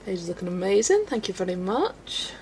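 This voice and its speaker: Brief: woman, stream host, mid-pitched, giggly and chatty, faint background noise. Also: very animated, brisk, darkish tone. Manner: giggly, chatty, answers chat. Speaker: livestream host. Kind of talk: casual chat while colouring.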